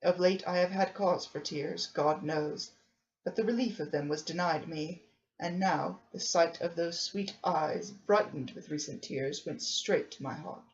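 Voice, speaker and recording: A woman narrating an audiobook of a classic novel in a calm, measured reading. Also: lowish voice. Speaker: audiobook reader. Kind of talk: scripted narration. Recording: dull lo-fi recording.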